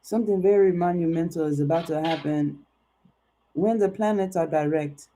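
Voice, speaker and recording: A woman's voice: fairly low pitch, moderate pace, mellow, lightly acted, rough recording. A woman putting on a put-on accent as a lofty, old-fashioned oracle during a livestream tarot reading, speaking in archaic, formal phrases.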